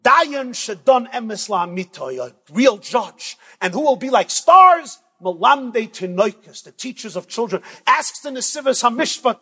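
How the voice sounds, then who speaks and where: A man giving a sermon at a yeshiva event, telling stories in a dramatic, emphatic way that swings between loud and soft. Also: extremely high pitch, sing-song, measured pace, few pauses, husky. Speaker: rabbi speaker at a yeshiva event. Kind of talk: sermon with storytelling. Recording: long reverb from a large hall.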